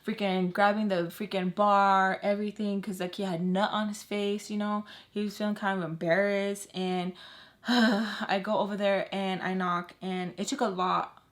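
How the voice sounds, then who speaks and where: A young woman vlogger telling a storytime in a lively, slangy way, swearing and saying "like" often. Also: mid-range voice, moderate pace. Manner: animated, slangy, swears, heavy "like". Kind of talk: casual storytime.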